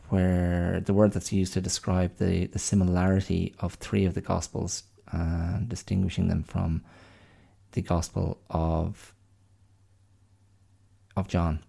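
Man, podcast host, low gravelly voice, casual rambling solo chat. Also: little pitch movement, takes it slowly, mellow. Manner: rambling, musing, thinks aloud.

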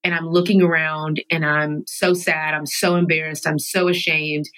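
A woman guest in a studio telling her own story candidly, emphatic and animated, sometimes laughing through her words. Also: low-pitched, moderate pace, low-quality recording. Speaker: podcast guest.

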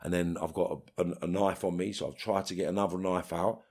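His deep, slightly mellow voice holds a steady tone and moves fairly quickly. A middle-aged English man with a London accent, he's a guest in an interview, recounting streetwise tales bluntly, swearing, and voicing the characters in quotes.

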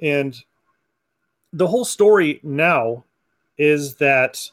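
A man's voice: fairly high pitch, animated, drawn-out words, fairly bright tone. A man hosting a comic book podcast, chatting casually, laughing often and acting out lines from comics. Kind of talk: casual chat.

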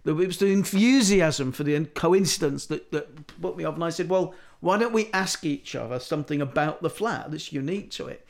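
Middle-aged male storyteller, gravelly and lively, chatty anecdotes. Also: fairly high pitch, normal speed, hardly any pauses. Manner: animated storytelling, acting out quoted voices. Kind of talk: casual anecdotal chat.

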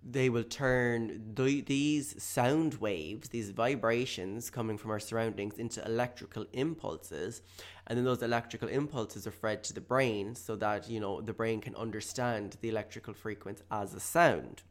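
A man's voice: fairly low pitch, moderate pace. A man hosting a casual solo podcast, talking in a rambling, hesitant way full of fillers. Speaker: podcast host. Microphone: studio mic with headphones.

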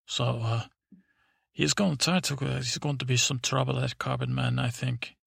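Halting, gravelly Eastern European superheroine, put on by a man, broken English, husky tone, dry close sound. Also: mid-range voice, steady tone, fairly bright tone, no echo, heavily acted. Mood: rambling. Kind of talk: sleep story character voice.

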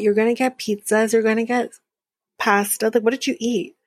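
A woman's voice: mid-range voice, steady tone, fairly quick, breathy edge, dry recording. A woman hosting a podcast, recapping a reality show in a candid, chatty way with frequent laughs. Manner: chatty, candid, laughs often, drifts into whispered asides. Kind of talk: casual chat.

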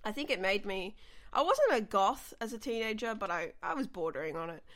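Lively, laughing young woman. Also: medium pitch, fairly quick. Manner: animated, laughs often, acts out her own reactions. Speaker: comedian guest. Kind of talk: casual podcast chat.

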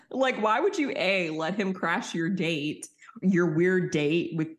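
A young woman with a slightly low voice co-hosts a casual podcast. She recaps reality TV in an animated, chatty way. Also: takes it slowly. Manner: animated, acts out quotes with high voices. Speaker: podcast co-host.

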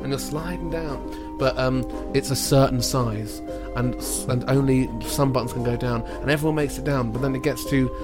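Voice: mid-range voice, steady tone, moderate pace, few pauses, loud music behind the voice. A co-writer tossing out playful ideas in a comedy brainstorm, laughing often.

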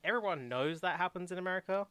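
A young man co-hosting a casual podcast chat, often laughing and acting out characters in quick mocking voices. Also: sits high, pushed and bright, clean tone, no echo. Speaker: podcast co-host.

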